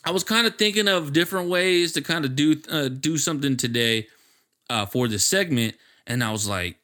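A man's voice: fairly high pitch, moderate pace, pushed and bright. A man hosting a podcast, chatting casually and telling stories with lots of laughter and swearing. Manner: laughing, profane storyteller. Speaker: podcast host. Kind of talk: casual chat.

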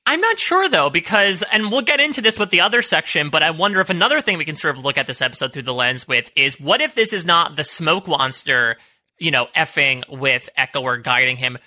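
A man's voice: on the high side, animated, fairly quick, sharp tone. A man co-hosting a podcast, musing and speculating in casual chat. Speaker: podcast co-host.

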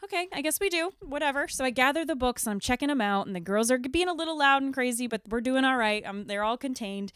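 A woman in her thirties, a podcast co-host, telling a story in a lively, laughing way with lots of "like". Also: high-pitched, quick pace, few pauses, smooth, no room sound, clean studio sound. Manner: animated, laughing retelling with lots of "like". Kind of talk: casual storytelling chat.

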